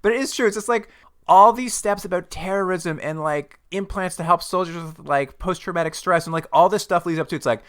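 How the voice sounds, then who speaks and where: A man co-hosting a podcast, recapping a TV episode in casual chat, animated and quick to laugh. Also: high voice. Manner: animated, laughs often, jumps into mock quotes. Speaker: podcast co-host.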